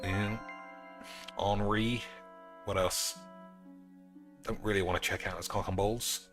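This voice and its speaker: Bright-voiced man joking over gameplay. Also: lowish voice, steady tone, slow, faint music behind. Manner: crude, joking, addresses viewers as boys. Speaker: streamer. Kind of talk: casual gaming commentary.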